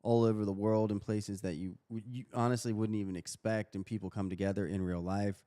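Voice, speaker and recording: A man co-hosts a casual livestream in a low, mellow, dark-toned voice. He talks in a laid-back, rambling way and hedges his points often. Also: fairly even intonation, fairly quick. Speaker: podcast co-host.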